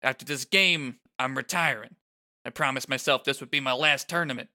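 A man's voice: medium pitch, fairly quick, pushed and bright. A man reading as a weary veteran team captain. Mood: earnest. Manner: earnest pep-talk delivery. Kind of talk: playful reading of game dialogue.

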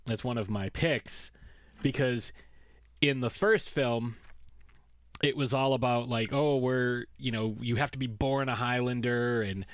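A male podcast co-host talking in a loose, rambling way, sarcastic and quick to swear. His voice sits at an ordinary pitch, and the recording is dry and close with no room sound. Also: fairly even intonation, no echo. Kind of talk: casual chat.

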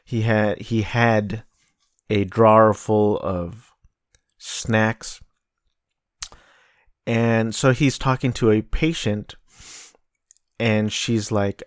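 Male solo podcaster, low-ish, slow, profane, dry close mic. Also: steady tone, no echo. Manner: rambling, profane and sardonic. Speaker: podcast host. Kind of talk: casual solo monologue.

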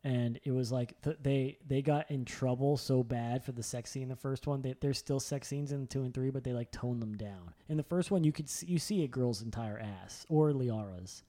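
A young man chatting casually and excitedly, rambling with lots of filler words and swearing. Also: medium pitch, normal speed, hardly any pauses. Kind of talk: casual chat.

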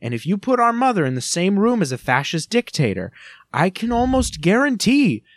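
A man co-hosting a film podcast in casual, animated and playful chat. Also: high-pitched, moderate pace, dry recording, clean studio sound. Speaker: podcast co-host.

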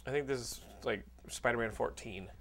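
A man hosting a podcast, playing a bossy, sarcastic casting director in an excitable comedy bit. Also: medium pitch, a little fast. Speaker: podcast host.

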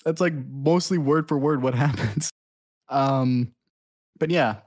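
A man's voice: medium pitch, takes it slowly, a little mellow. A man on a podcast, retelling a cartoon plot in rambling casual chat with lots of fillers and some swearing.

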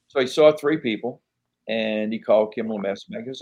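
Guy in his 60s, kinda low and husky, rambles with lots of um and uh, does little voices for folks he quotes. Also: a little fast, darkish tone. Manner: rambling anecdotes with many fillers, acts out quoted people. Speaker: podcast guest, actor. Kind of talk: casual interview storytelling.

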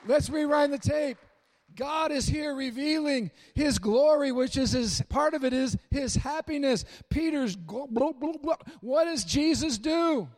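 A man preaching with a very high voice, lively and theatrical. He acts out scenes and bursts into shouts at his peaks. The sound rings with the long echo of a big hall. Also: measured pace. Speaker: pastor. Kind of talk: sermon.

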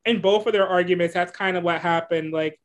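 A man's voice: high voice, fairly even intonation, brisk. A man co-hosting a podcast, chatting casually, rambling and hedging with many fillers as he talks things through. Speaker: podcast co-host. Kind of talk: casual recap chat.

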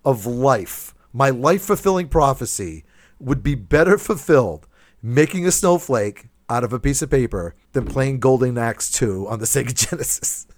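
Guy cohosting a podcast, loud goofy rants, casual chat. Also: mid-range voice, moderate pace. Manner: loud and animated, jokey rants. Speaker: podcast co-host.

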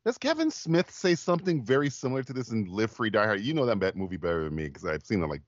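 A man's voice: fairly low pitch, quick pace, no echo, muffled recording. A man guesting on a casual movie podcast, joking and laughing as he talks. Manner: animated, joking, laughs a lot.

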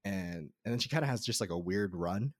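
A man with a lowish voice chatting casually about a film on a podcast. He rambles with many fillers and restarts. His voice sounds close and dry. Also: lively intonation, brisk, no echo. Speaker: podcast co-host.

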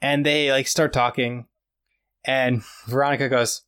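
This podcast co-host's voice is medium-pitched, smooth, and a bit bright, with a level tone and an unhurried delivery. In casual chat, he retells scenes through quoted dialogue, with many fillers along the way.

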